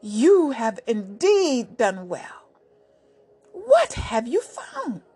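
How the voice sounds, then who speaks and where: A delighted king from a told story, as a woman storyteller puts him on, eager and lifted high in pitch. The voice is breathy and unhurried. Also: huge pitch swings, warm tone, full character voice. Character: overjoyed male king, relieved.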